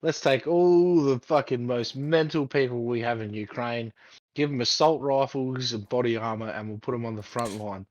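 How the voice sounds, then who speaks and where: A man's voice: mid-range voice, normal speed, no room sound, muffled recording. A man co-hosting a casual podcast chat, ranting heatedly with heavy swearing. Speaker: podcast co-host.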